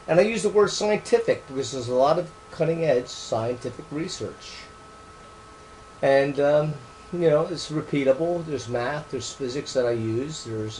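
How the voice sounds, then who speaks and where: A man's voice: mid-range voice, darkish tone, slight background noise, poor audio. A man speaking casually about his book, rambling and repeating words for emphasis. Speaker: author explaining his book. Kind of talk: casual monologue to camera.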